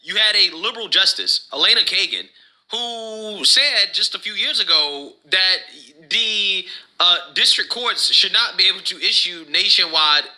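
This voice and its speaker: A man making a measured argument as a political commentator, pausing on frequent fillers. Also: sits high, expressive, sharp tone, low-quality recording.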